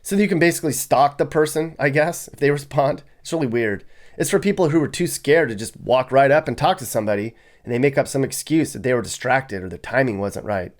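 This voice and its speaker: A man's voice: mid-range voice, fairly quick. A young man giving casual, sarcastic commentary on a series of maps, chuckling as he goes. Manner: wry, sarcastic, chuckles often. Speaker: vlogger.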